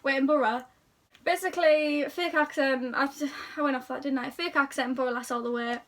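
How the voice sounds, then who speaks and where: A woman's voice: sits high, fairly even intonation, brisk, fairly bright tone, distant mic. A young woman chatting to camera in a rambling, self-deprecating way, talking casually about herself. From England. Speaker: YouTuber.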